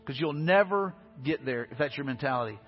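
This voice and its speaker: A pastor preaching a sermon, earnest and repetitive, building to emphatic peaks. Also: male voice, mid-range voice, expressive, brisk, slightly rough. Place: church sanctuary. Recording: dull reverberant church hall with faint music.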